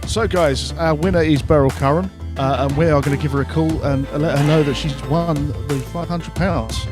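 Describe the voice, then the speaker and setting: A man's voice: on the high side, fairly even intonation, moderate pace, over music. A man co-hosting a casual podcast, upbeat as he wraps up the show. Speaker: podcast co-host.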